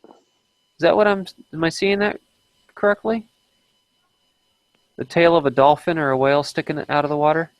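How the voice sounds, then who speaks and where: A man's voice: fairly high pitch, normal speed, long pauses, no echo, low-quality recording. Guy chatting on a live stream, talks loose and trails off, dry mic. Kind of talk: casual live stream chat.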